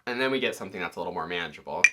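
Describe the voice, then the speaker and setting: A man teaching music in a relaxed, explanatory tutorial, walking through settings step by step. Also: low-pitched, rapid-fire, very noisy. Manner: relaxed, explanatory, occasionally counting beats aloud.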